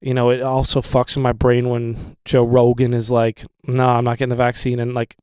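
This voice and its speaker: A man's voice: mid-range voice, monotone, normal speed, darkish tone, smooth, no echo. Rambling, profane young man. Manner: rambling, profane, with many fillers. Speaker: podcast host. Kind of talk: casual podcast monologue.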